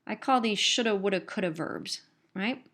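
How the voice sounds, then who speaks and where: A middle-aged woman delivers a recorded grammar lecture in a patient, explanatory way. She often restates her key points to make them stick. Her voice sits at an ordinary pitch for a woman. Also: normal speed, fairly bright tone. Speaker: English instructor.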